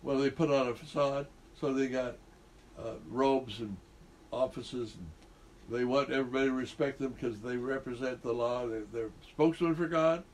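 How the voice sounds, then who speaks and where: A man's voice: medium pitch, fairly even intonation, normal speed, a little mellow, a little hiss or hum. A man leading a group Bible study, talking conversationally and quizzing the group with questions.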